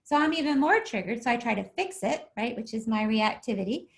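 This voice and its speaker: A woman's voice: a little high, lively intonation, fairly quick, vocal fry. A woman coaching parents on how to respond to their children. She often checks in with her listeners by asking "okay?" and "right?", and acts out both parent and child. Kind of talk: explanatory talk on parenting.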